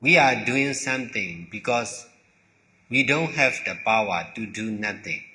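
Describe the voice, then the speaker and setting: A man whose first language is Burmese teaches in a bright, forceful voice, speaking very slowly. He pauses between short phrases and often repeats words. His voice rings through a hall with a long reverb. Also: on the low side, expressive. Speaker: monk teacher. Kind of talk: slow dharma talk.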